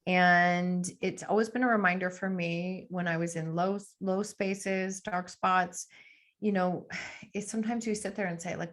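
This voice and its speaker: Earnest woman guest with some vocal fry, reflective casual interview delivery. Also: fairly low pitch, normal speed. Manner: earnest, reflective, frequent "like" fillers. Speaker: podcast guest.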